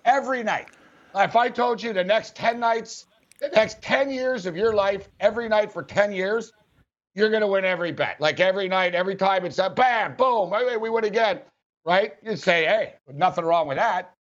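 A man hosting a sports betting show, talking loudly and laughing as he jumps in over his co-hosts. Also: high voice, moderate pace, lo-fi sound. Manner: loud, laughing, talks over others. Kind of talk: casual sports betting chat.

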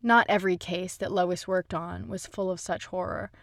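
A woman narrating a scripted documentary story in a measured, even way. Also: lowish voice, no echo. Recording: dry close-mic studio voice.

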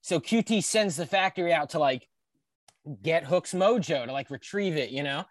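A man's voice: a little high, animated, moderate pace, no echo. A man co-hosting a podcast in casual chat, rambling through a crude, profane story and often cracking up laughing. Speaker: podcast co-host.

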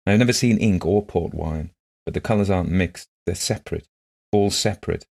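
A man reading the part of a gentle, shy blind woman who talks softly and earnestly in simple phrases. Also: low-pitched, a little fast, gravelly.

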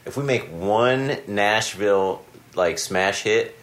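A man with a low voice hosts a relaxed conversation in a hotel room. He rambles through stories and acts out both sides of phone calls. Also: takes it slowly. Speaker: podcast host. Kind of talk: casual chat.

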